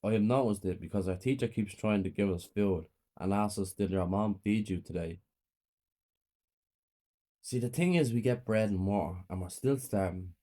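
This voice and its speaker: A man with a lowish voice reads a first-person horror story aloud. His narration is plain and quiet. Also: a little fast.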